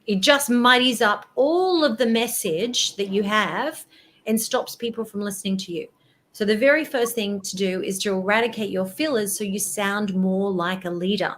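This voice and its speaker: A woman, a voice presentation coach giving tips in an interview, animated and demonstrative. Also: mid-range voice, normal speed, a little hiss or hum.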